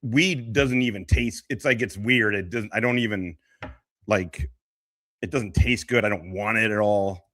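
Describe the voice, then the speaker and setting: A man's voice: lowish voice, measured pace, sharp tone, dry recording. A man hosting a casual livestream, talking in a rambling, profane, emotional way. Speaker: livestream host and veteran.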